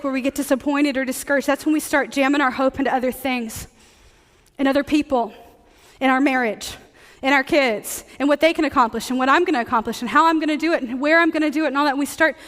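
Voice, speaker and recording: A woman giving a sermon as a teaching pastor, lively and conversational with joking asides, in a church sanctuary. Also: sits high. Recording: long reverb of a church hall.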